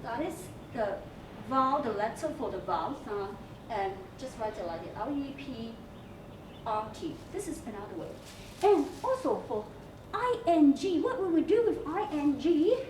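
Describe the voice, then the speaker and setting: A woman's voice: high voice, big pitch swings, moderate pace, recorded from a distance. A woman English teacher with a Hong Kong English accent, giving a class lesson on school TV. She explains step by step and spells words out letter by letter, with many fillers. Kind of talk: recorded class lesson on campus TV. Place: school room. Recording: echoey room, off-mic, faint hiss.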